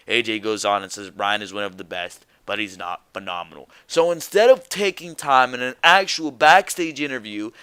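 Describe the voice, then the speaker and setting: A man's voice: medium pitch, fairly bright tone, clear, resonant tone, no echo. A young man reviewing a wrestling show alone, ranting bluntly and swearing freely as he gives his opinions.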